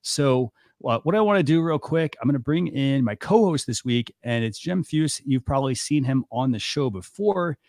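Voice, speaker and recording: A man's voice: medium pitch, lively intonation, moderate pace, hardly any pauses, darkish tone, no echo, studio quality. A man hosting a live talk show in a loose, casual way with plenty of fillers. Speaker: host.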